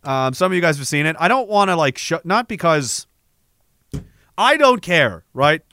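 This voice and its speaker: Male livestream host from Canada; profane, rambling storyteller with a bright, dry voice. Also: on the high side, very animated, normal speed, no echo. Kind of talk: casual livestream chat.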